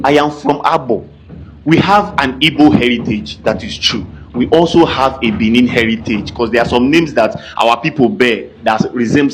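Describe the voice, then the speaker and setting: A man's voice: medium pitch, slightly rough, rough recording. A Nigerian man with a Nigerian accent delivering a heated, insistent monologue. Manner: insistent, indignant. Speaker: speaker in a played clip.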